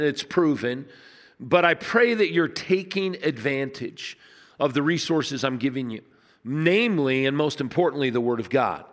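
A man preaching a sermon, telling stories in a conversational way and dropping low and soft to stress points. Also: big-room sound. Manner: storytelling, conversational, dips low and soft for emphasis. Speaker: pastor.

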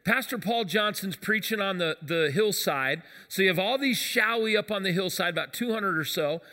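A man with a high, bright voice, preaching from the pulpit of a church. He tells stories with animation, acting out the lines of the people in them. His voice rings through a hall with a long reverb. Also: moderate pace. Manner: animated storyteller acting out quotes. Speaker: pastor. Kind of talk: sermon with storytelling. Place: church sanctuary.

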